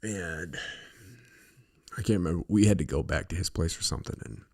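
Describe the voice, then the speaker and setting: Deep gravelly man rambling on a podcast. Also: a little fast. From western United States. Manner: rambling, profane storytelling with many fillers. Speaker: podcast host. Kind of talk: casual monologue.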